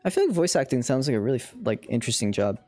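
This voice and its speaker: A man's voice: medium pitch, very animated, rapid-fire, a little mellow, dry recording, faint music behind. A man streaming a game, chatting playfully and swearing while reading lines aloud. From India. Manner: playful, swears, laughs a lot.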